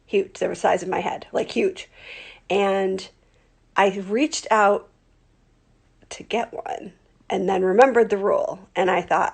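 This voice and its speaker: A woman teacher telling a funny story to her class in a chatty, animated way, with plenty of ums. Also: medium pitch, a little slow, gravelly, slightly rough. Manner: chatty, animated, many fillers. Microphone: computer mic on a screen recording.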